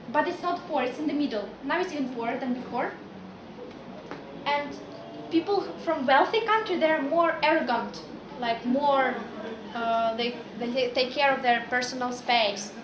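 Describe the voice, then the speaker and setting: A woman's voice: high-pitched, moderate pace, noisy background. A woman from Ukraine giving a chatty, anecdotal talk to a class as a guest speaker, with many fillers like "like" and "yeah". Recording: echoey classroom with students.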